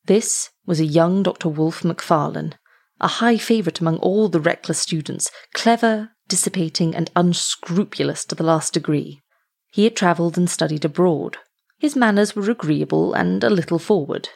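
A woman reading a story aloud as narrator, in a steady, measured way. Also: on the low side, creaky. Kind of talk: audiobook reading.

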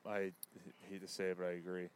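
A man's voice: low-pitched, completely flat delivery, fast talker, smooth. A man hosting a casual sports podcast, chatting in a laid-back, profane way.

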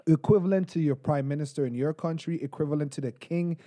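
A man from Canada co-hosting a podcast, chatting casually, excitable and joking with frequent laughs. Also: on the high side, fast. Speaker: podcast co-host. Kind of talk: casual chat.

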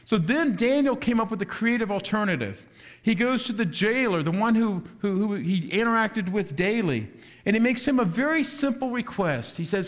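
A man's voice: high-pitched, expressive, normal speed. A man preaching a sermon. He asks his listeners rhetorical questions and keeps shifting his pace. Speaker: pastor.

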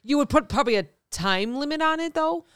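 A woman's voice: high-pitched, expressive, fairly quick, fairly bright tone, dry recording, clean studio sound. A tired woman co-hosting a podcast, reacting eagerly and asking follow-up questions. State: tired, yawning. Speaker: podcast co-host. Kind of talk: casual chat.

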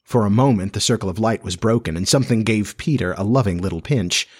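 Guy reading a storybook out loud, deepish breathy voice, steady and measured. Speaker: audiobook narrator.

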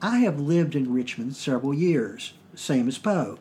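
A man from Virginia with a Southern US accent, hosting a podcast and explaining things in plain, measured talk. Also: mid-range voice, animated, warm tone, husky. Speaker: podcast host.

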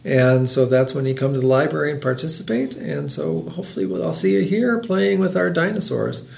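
A middle-aged man hosting a library podcast, reading a picture book aloud with lively voiced characters. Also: on the high side, fairly quick, vocal fry, reverberant.

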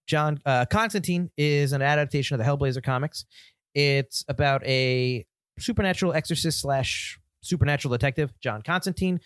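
A man's voice: medium pitch, clear, resonant tone, no room sound. Male co-host, easygoing explainer, laughs easily, dry close recording. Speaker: podcast co-host. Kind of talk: casual podcast chat and plot summary.

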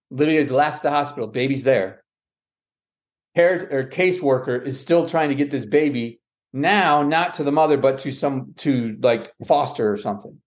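Man telling a family story, full of restarts. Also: mid-range voice. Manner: lively, quotes others with "she goes" and "I said"; frequent restarts and self-corrections. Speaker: guest, adoptive father. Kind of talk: storytelling in a podcast conversation.

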